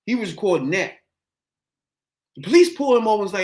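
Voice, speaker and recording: A man's voice: sits high, wildly swooping pitch, a little fast. A man hosting a podcast, retelling a story in casual, slangy talk. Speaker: podcast host.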